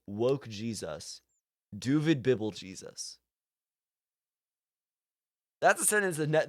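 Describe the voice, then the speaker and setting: A man's voice: mid-range voice, fairly bright tone, dry recording. Self-amused young man streaming live. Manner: rambling, self-amused, breaks into laughter often. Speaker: livestreamer. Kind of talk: casual live-stream chat.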